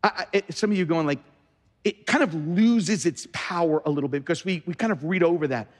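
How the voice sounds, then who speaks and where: A man's voice: a little high, brisk. A man preaching a sermon as pastor in a large church, emphatic and often repeating words as he starts sentences. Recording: long reverb of a large hall.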